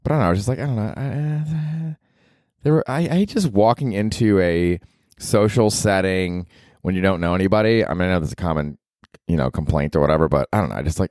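A male comedian hosting his podcast, rambling casually and profanely, his pitch leaping up for emphasis. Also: fast, a little mellow, no room sound, studio quality.

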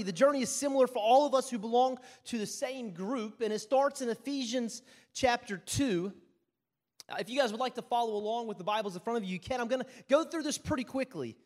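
A man's voice: extremely high pitch, big-room sound. A man preaching a sermon, mixing self-mocking stories with Bible reading and often asking "right?". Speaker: pastor.

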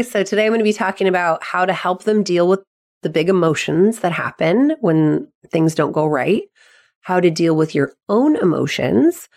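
Upbeat woman podcast host giving advice. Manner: upbeat, expressive, acts out quotes in a higher voice. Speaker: podcast host and sports psychology coach.

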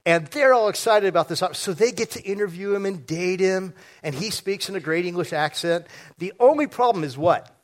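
A man preaching a sermon to his congregation, joking and quizzing the audience as he goes. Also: high-pitched. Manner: joking, audience-engaging, fast and lively. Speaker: pastor. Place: church sanctuary before a congregation.

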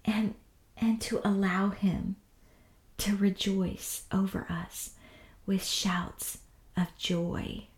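Woman, devotional teacher, slow and hushed, earnest, echoey room. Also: medium pitch, steady tone, in a whisper. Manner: gentle, earnest, often soft and hushed. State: tearful. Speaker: podcast Bible teacher.

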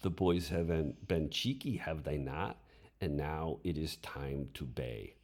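A man's voice: rumbling low, a little slow, darkish tone. A man voicing a smug Samoan teacher. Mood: sweetly menacing. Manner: sweet, nearly whispered, then roaring orders. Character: light-hearted male Samoan teacher, smug and commanding.

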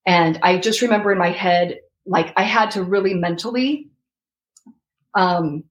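Female guest, 30s, lower voice, animated storyteller. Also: a little slow, slight background noise, poor audio. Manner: animated, reenacts her own past words. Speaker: interview guest. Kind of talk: emotional personal story.

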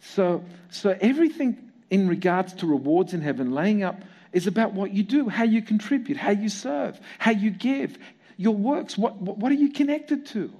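A man preaching a sermon in an animated way, full of rhetorical questions and repetition. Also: high voice, normal speed. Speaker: pastor.

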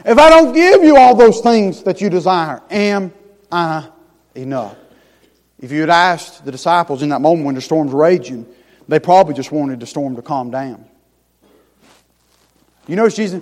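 In a church sanctuary, a high-voiced pastor preaches with animated, folksy, down-home phrasing at normal speed, his words carried by a long hall reverb. He drops to hushed, tender lines and then swells into loud, rising emphasis.

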